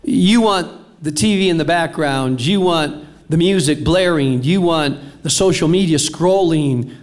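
High-voiced pastor preaching dramatically. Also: male voice. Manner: preaching with dramatic swings between loud and soft. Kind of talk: sermon. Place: large auditorium.

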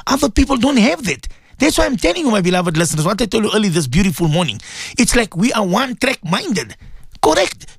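A man who hosts a morning radio show as a Muslim cleric. He preaches emphatically to his listeners, repeating his points, and slows into drawn-out prayers. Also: high-pitched, big pitch swings, vocal fry, slightly rough, no room sound, studio quality. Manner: emphatic and repetitive, exhorting listeners.

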